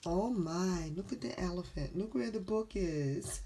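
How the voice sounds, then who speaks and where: A woman reading a picture book aloud to children, slowly and encouragingly, asking them questions. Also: on the low side, dark tone, slight background noise. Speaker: storybook reader.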